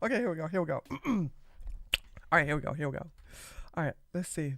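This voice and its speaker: A woman hosting a live-streamed political podcast, talking in an excitable, theatrical way and laughing often. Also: low voice, brisk. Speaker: podcast host.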